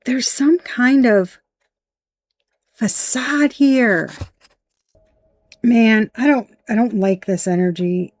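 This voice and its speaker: A woman's voice: a little high, slow, pauses often, darkish tone, dry recording. A woman giving a casual tarot reading, blunt and emphatic, swearing freely as she points out the cards. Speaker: tarot reader.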